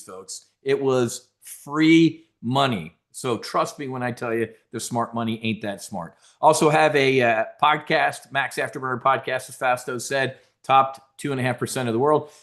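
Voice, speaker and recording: A man's voice: medium pitch, fairly bright tone. Brash, direct man on stage. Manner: brash, direct, joking with the audience. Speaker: conference speaker. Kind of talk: energetic trading seminar talk.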